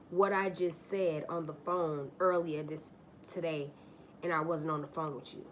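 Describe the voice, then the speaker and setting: Casual woman livestream host, slow deliberate rant, cusses freely, repeats herself. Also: deep voice, fairly even intonation, slight background noise. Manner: blunt, profane, mocking storytelling; repeats herself and restarts lines.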